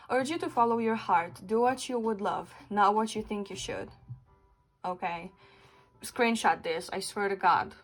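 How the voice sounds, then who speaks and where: A woman's voice: medium pitch, poor audio. A woman doing a pick-a-card tarot reading for her viewers, talking earnestly and bluntly, sometimes swearing for emphasis. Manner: asks spirit questions aloud while pulling cards. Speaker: tarot reader.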